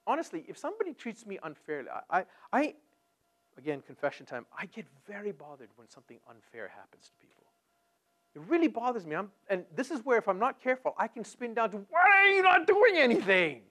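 A man delivering a sermon in a fairly high, very lively voice. He swings from near-whispers to loud, pressing lines, often repeating words as he builds toward a point. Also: fast, faint music behind. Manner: animated, swinging from hushed to loud. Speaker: pastor.

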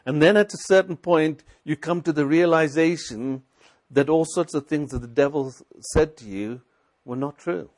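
Exhorting male preacher, slightly high voice. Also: moderate pace, a little mellow. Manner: exhorting, repetitive, rhetorical questions. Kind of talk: sermon.

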